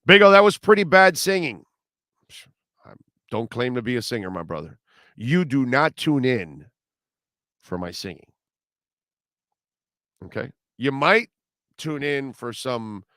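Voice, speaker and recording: A man's voice: medium pitch, expressive, slow, pauses often, a bit bright, dry recording, clean studio sound. A middle-aged man hosting a live sports radio show in casual talk, rambling as he reads out and answers listener comments.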